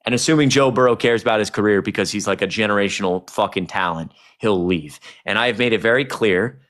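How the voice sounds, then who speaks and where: A young man hosting a casual livestream, talking to chat in a rambling, animated way with plenty of swearing. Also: lowish voice, quick pace. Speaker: streamer.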